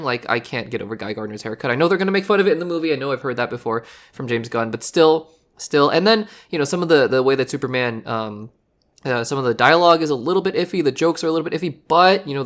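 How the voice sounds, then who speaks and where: A hoarse podcast host talks through movie news in a casual, rambling way. The voice sounds worn after recently being lost, and the host often doubles back on words and repeats phrases. The delivery stays earnest throughout. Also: medium pitch. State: hoarse from recently losing their voice.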